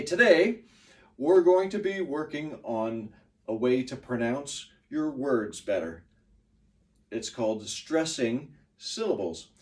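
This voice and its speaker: A man teaching a pronunciation lesson to a class, patient and lively, exaggerating the stressed words. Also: on the high side, far from the mic.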